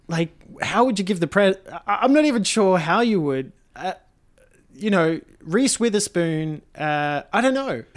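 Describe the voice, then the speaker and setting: Halting, profane man. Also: high voice. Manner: halting, profane, lots of restarts. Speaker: podcast guest, filmmaker. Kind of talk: casual podcast chat.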